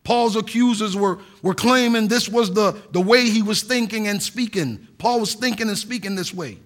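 A man's voice: high-pitched, moderate pace. A middle-aged man, a pastor, preaching a sermon in an earnest, emphatic way with a few restarts.

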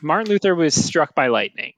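A man's voice: a little high, sing-song, fairly quick, fairly bright tone. A man co-hosting a trivia game, casually chatting with dry, teasing quips. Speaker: trivia show co-host.

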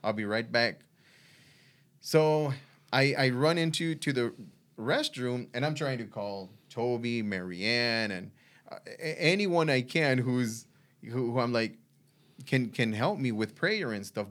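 Man, guest, halting storytelling, restarts often, medium voice. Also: mid-range voice, lively intonation, a bit bright. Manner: halting, with frequent restarts and fillers. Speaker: guest sharing a faith testimony. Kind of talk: conversational storytelling.

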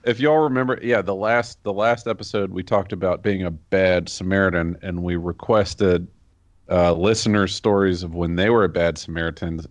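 A man hosting a casual podcast in a loose, halting way. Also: low-pitched, no echo. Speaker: podcast host.

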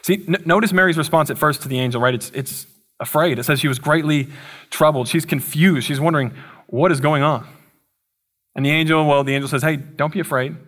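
A man's voice: on the high side, brisk, fairly bright tone. A young man preaching a sermon in a casual, conversational way, with playful asides. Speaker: pastor.

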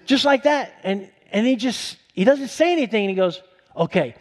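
A man with a high, bright speaking voice delivers a sermon to his congregation. He tells stories from his own faith with growing excitement. His pitch shoots up at the dramatic points. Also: brisk. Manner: storytelling, voice rising high with excitement. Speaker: pastor.

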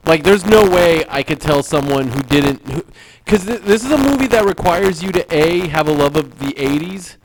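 A man's voice: fairly high pitch, lively intonation, normal speed, poor audio. A man hosting a casual podcast chat, rambling with frequent restarts and easy laughs. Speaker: podcast host.

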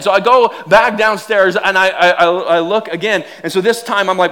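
A man preaching a sermon, animated and self-deprecating, telling funny everyday stories and often repeating words. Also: sits high, normal speed, hardly any pauses. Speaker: pastor. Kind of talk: sermon with humorous storytelling.

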